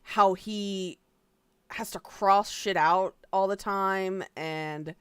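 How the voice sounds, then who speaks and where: A woman's voice: medium pitch, fairly even intonation, drawn-out words, fairly bright tone, smooth, no echo. A woman streamer giving casual reaction commentary, exasperated and profane, sighing often.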